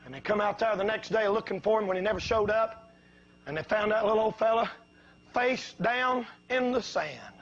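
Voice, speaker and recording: A male preacher with a strikingly high voice delivers a fiery revival sermon. He spins homespun stories and then climbs into shouted exhortations. The recording sounds dull and lo-fi. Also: normal speed. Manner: folksy storytelling that builds to shouting.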